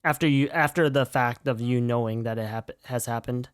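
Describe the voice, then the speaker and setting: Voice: medium pitch, normal speed, dry recording, clean studio sound. A streamer casually commenting on a game they are playing, swearing often, rambling and calling themself an idiot. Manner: swearing, rambling, self-deprecating.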